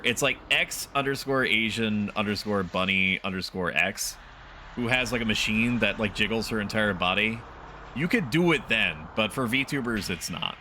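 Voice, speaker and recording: A man's voice: on the low side, sharp tone, slight background noise. A man live-streaming a game, rambling and joking between scenes. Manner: rambling, joking, quick asides. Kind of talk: live gameplay commentary.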